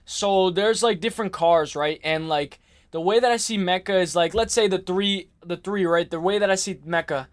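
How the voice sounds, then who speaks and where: A young man hosting a livestream in casual chat, excitable and rambling, often repeating himself and saying "like" and "bro". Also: sits high, normal speed. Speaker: livestream host.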